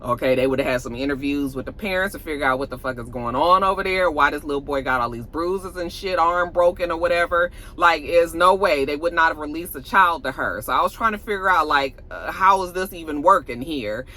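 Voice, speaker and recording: A woman's voice: low voice, a little fast, hardly any pauses, poor audio. A woman casually recapping and reviewing a TV episode, telling it like a story with blunt, salty asides and opinions. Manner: animated storyteller who acts out the characters' lines.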